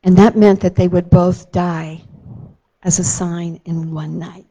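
A woman tells a Bible story to a child in a gentle, unhurried way. She leans into key moments with dramatic emphasis, then softens again. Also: lowish voice, little pitch movement, husky, dull audio.

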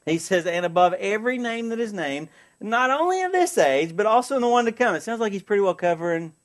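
A man preaching a sermon as pastor, earnest, asking the congregation for an amen and slowing down to read scripture. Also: high-pitched, very animated. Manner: earnest, call-and-response asides, slows for scripture.

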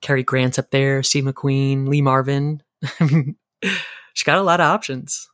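A man's voice: mid-range voice, level tone, a little slow, a bit bright, dry recording, studio quality, close to an everyday voice. An actor playing a grieving man's brother who rambles awkwardly and gets defensive. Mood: rambling.

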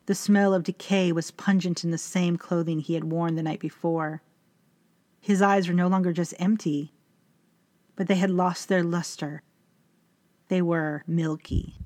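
A woman narrating a first-person story in a measured, even way. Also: lowish voice, dry recording.

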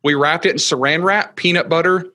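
A man in his thirties, a podcast guest telling stories in casual chat, excitable and rambling with lots of fillers. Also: on the high side, brisk, dry recording.

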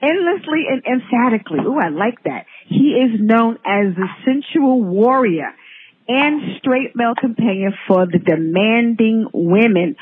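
A New woman hosts her podcast with giggly, flirty excitement, talking freely and teasing her guest. Her voice has a faint husky edge. It all comes through a tinny phone connection. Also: on the high side. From New York. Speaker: podcast host. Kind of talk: casual podcast interview. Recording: tinny phone-line audio.

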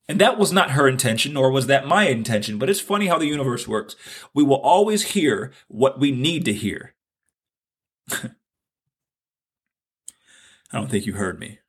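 A man's voice: a little high, big pitch swings, normal speed, fairly bright tone, breathy edge. A man hosting a podcast, telling a personal story in an earnest, reflective way and repeating phrases for emphasis. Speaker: podcast host.

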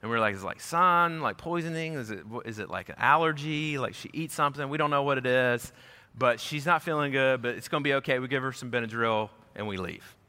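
A man preaching as a pastor, telling a personal story in an animated way and acting out the voices of the people in it. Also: mid-range voice, a little fast. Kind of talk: storytelling sermon. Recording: echoey hall.

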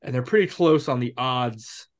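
Guy in his 30s chatting sports bets, kinda rambly, keeps correcting himself, middle-pitched voice. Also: normal speed. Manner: rambling, self-correcting, thinks aloud. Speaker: podcast co-host. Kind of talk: casual sports betting chat.

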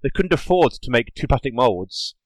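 A man's voice: mid-range voice, big pitch swings, moderate pace, no room sound. A man hosting a casual podcast, joking and hesitant with lots of ums. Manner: jokey, hesitant with many ums. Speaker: podcast host. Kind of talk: casual chat.

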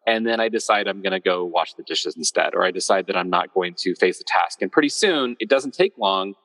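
A man's voice: low voice, brisk, a bit bright, in a large hall, low-quality recording. A man hosting an interview, talking in a reflective, candid way. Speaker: interviewer, host. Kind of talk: conversational interview.

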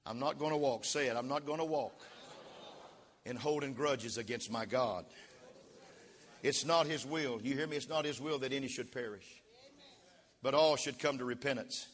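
Shouting preacher in a ringing church hall. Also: male voice, mid-range voice, moderate pace, long pauses. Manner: call-and-response preaching, rising to shouts. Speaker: pastor. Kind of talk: sermon. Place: church sanctuary. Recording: long reverb of a church hall.

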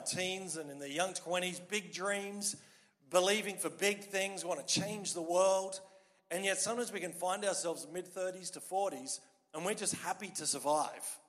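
Australian male pastor, lively and humorous sermon delivery, fairly high voice, big echoing church hall. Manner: lively, joking, conversational preaching. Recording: long hall reverb.

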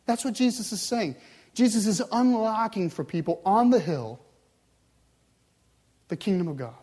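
Man preaching with loud and hushed swings. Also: high-pitched, lively intonation, moderate pace, breathy edge. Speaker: pastor. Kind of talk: sermon.

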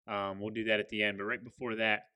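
A man's voice: lowish voice, flat delivery, quick pace, sharp tone, clean tone, no room sound. A man hosting a casual interview, easygoing and affirming with short replies. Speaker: podcast host.

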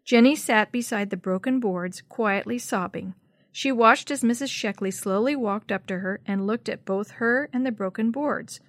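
A woman narrating a children's story in a steady, clear read-aloud style. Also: on the high side, normal speed, no echo.

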